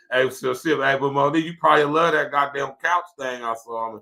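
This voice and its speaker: A man's voice: medium pitch, moderate pace, creaky, bright, forceful tone. A man hosting a podcast, ranting in a casual, profane way, laughing often and reading viewer comments aloud. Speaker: podcast host. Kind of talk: casual livestream rant.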